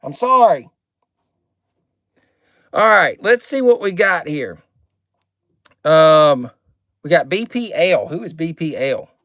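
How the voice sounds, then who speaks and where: A man's voice: on the high side, expressive, takes it slowly, long pauses, fairly bright tone, no room sound, clean studio sound. A man hosting a live card break stream, chatting, reading out names and card numbers, and sometimes getting irritated.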